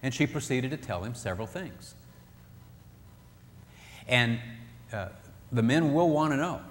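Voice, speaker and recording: A man's voice: mid-range voice, lively intonation, a little slow. A man speaking at a marriage seminar, telling stories to an audience with emphatic repetition. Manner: storytelling, acts out quoted voices; emphatic, repeats phrases. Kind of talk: live seminar talk to an audience. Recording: reverberant hall, faint background noise.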